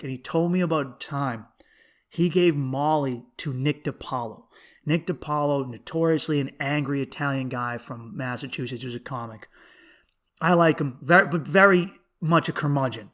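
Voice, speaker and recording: A young man hosting a podcast, telling comedy road stories in a casual, profane, animated way. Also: a little slow, pauses often. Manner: animated, profane, jumps to high excited pitch when riled. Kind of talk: casual solo podcast storytelling.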